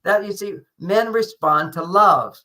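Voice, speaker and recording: An older man, a relationship author, answering in an interview with lively anecdotes and acted-out quotes. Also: high-pitched, unhurried, poor audio. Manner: animated anecdotal explaining, acts out quoted lines.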